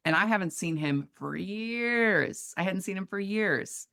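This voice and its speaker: At a medium pitch, unhurried and a little creaky, a middle-aged woman from Montana chats as a podcast guest, telling a story and animatedly acting out quoted voices. The recording is dry and of studio quality.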